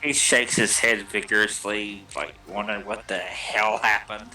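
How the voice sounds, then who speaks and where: Bright-voiced man in a roomy space. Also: on the low side, steady tone, unhurried, faint music behind. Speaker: player. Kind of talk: tabletop game play. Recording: roomy, distant mic.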